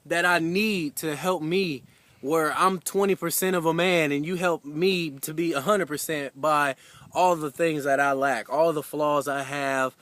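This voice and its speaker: A young man talks straight to his wife in a loose, chatty way, piling up fillers as he retells a story with growing excitement. His voice sits high and bright. The sound is close and dry, with no room echo. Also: measured pace. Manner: casual, filler-heavy, animated retelling. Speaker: husband giving an anniversary message. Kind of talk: heartfelt personal storytelling.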